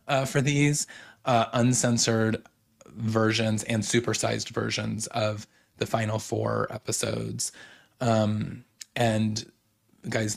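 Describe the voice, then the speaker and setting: A young man casually recapping reality TV, excitable and full of filler words. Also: mid-range voice, creaky. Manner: excitable, lots of "like" fillers, quotes people in paraphrase. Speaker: podcast host recapping reality TV.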